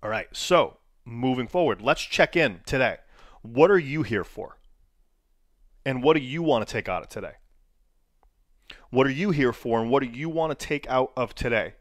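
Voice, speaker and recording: A man's voice: medium pitch, expressive, normal speed, long pauses, dry recording. Coaching man quizzing his viewers, dry sound. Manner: coaching, asks the viewers questions. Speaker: wrestling coach. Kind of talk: online training lesson.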